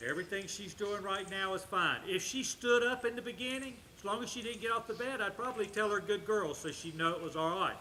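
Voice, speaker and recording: A man, a dog trainer explaining commands while working with a dog, switching to soft praise for the dog. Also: high voice, fast, few pauses. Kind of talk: casual demonstration. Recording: faint background noise.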